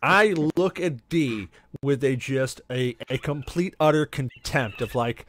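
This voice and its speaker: A man hosting a podcast, telling a story in a lively, swearing, casual way and acting out his own reactions. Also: medium pitch, unhurried, few pauses, slight background noise. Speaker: podcast host.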